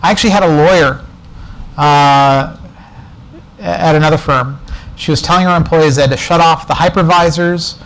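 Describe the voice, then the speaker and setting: A man's voice: fairly high pitch, normal speed, pauses often, fairly bright tone, poor audio. A man speaking as a guest speaker at a developer meetup, telling a casual, digressive story with asides and jokes. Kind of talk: conference talk, anecdotal storytelling. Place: presentation room before an audience.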